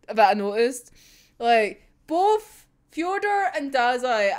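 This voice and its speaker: A young woman giving a casual, giggly and sweary reaction to a manga chapter. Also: high voice. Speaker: manga reviewer.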